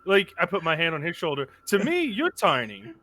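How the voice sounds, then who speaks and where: Man, tabletop player, bright voice, lively, joking casual chat. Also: high-pitched, brisk. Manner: animated, joking.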